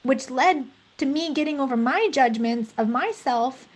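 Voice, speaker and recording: A woman guest speaking in a relaxed podcast conversation, her voice sitting a little high. She talks in a reflective, unhurried way and pauses on fillers as she feels her way through ideas. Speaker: podcast guest, fascial stretch therapist and creator.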